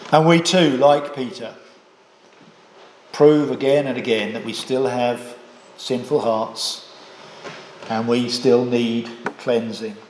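A man preaching a sermon, measured and emphatic, often closing points with rhetorical questions. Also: medium pitch, fairly even intonation, darkish tone, a little hiss or hum. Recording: echoey hall.

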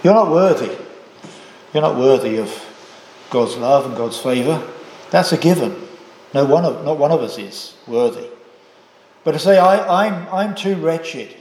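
A man preaching a sermon, measured and emphatic, often closing points with rhetorical questions. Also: mid-range voice, expressive, darkish tone, a little hiss or hum. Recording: echoey hall.

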